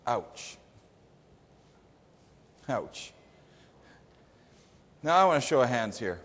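A man's voice: mid-range voice, sing-song, quick pace, a bit bright. A man preaching a sermon to a congregation, conversational and emphatic, putting questions to the people in front of him. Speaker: pastor. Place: church sanctuary before a congregation. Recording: long hall reverb.

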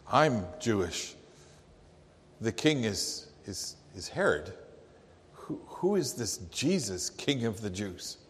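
A man acting as a grieving Jewish father in a dramatic first-person monologue, telling it in a slow, halting, hushed way. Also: medium pitch, natural voice. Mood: bewildered. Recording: long echoey hall reverb.

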